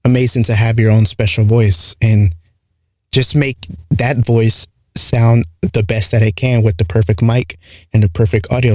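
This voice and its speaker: A man's voice: medium pitch, mellow, dry recording, studio quality. A man hosting a podcast on his own, rambling casually with lots of "like" and "right?" fillers, in a light accent. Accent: light non-native English accent. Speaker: podcast host. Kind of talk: casual solo podcast monologue. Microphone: close studio mic with compressor.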